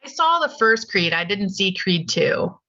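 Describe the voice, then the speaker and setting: A chatty woman guest on a podcast, her voice bright and crisp, talking with eager enthusiasm and plenty of little fillers. The recording is dull and lo-fi. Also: medium pitch, big pitch swings, a little slow. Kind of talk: casual chat.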